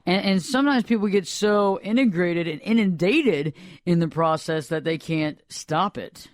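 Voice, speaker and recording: A man who is a therapist and podcast host, explaining in a rambling, animated way in casual radio talk. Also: high voice, normal speed, no echo, clean studio sound.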